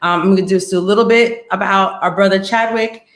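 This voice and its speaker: A woman hosting a casual online talk show, chatty and lively, with many fillers and laughs. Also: mid-range voice, brisk, echoey room. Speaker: host.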